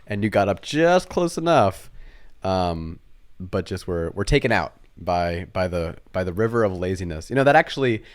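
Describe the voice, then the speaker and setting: A young man with a fairly low voice tells a childhood story with lively self-mockery. His delivery is casual and chatty, and he slips into his family's voices as he goes. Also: moderate pace. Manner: animated, self-mocking storyteller who acts out family voices. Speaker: podcast co-host.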